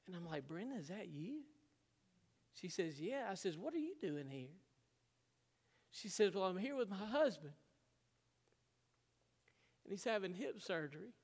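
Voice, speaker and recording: Pastor guy, kinda high voice, telling a story in a big echoey church hall. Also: big pitch swings, a little slow, pauses often, breathy edge. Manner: storytelling, emotional, laughs often. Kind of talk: sermon.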